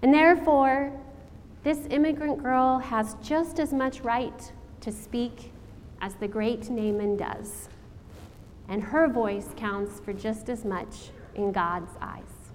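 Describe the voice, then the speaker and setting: A woman preacher giving a sermon, telling the story in a slow, dramatic way with rhetorical questions. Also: fairly high pitch, a little hiss or hum. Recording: long hall reverb, faint ambience.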